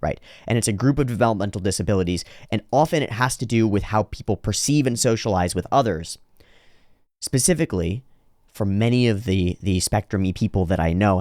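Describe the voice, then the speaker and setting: Low-voiced man musing aloud. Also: darkish tone, no room sound, studio quality. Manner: rambling, thinking aloud with restarts; drops into slow exaggerated voices for quoted lines. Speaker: anime reaction host. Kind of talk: reflective commentary.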